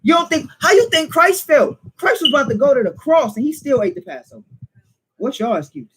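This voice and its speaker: High-pitched male teacher, fiery informal preaching, rhetorical jabs, faint background noise. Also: very animated, a little fast. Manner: emphatic, rhetorical questions, teasing laughs. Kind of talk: informal preaching to a small group.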